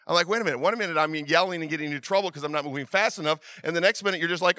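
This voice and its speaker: A middle-aged man preaching a sermon, telling stories with many restarts and swinging from loud urging to quiet asides. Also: high voice, animated, racing, few pauses, no room sound, studio quality. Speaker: pastor.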